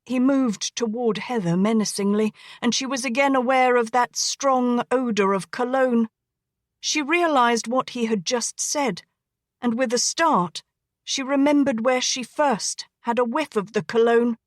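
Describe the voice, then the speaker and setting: A woman narrates a historical romance in a measured, dramatic way. Her pace is slow and her voice slightly high. The recording is dry and close-miked. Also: no room sound. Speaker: audiobook narrator. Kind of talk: scripted narration.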